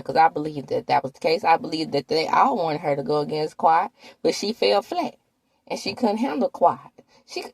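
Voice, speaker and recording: Woman, husky voice, animated pitch, gossipy casual recap host. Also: no echo. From Mississippi, USA. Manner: chatty, gossipy, talks straight to viewers. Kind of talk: casual reality-TV recap commentary.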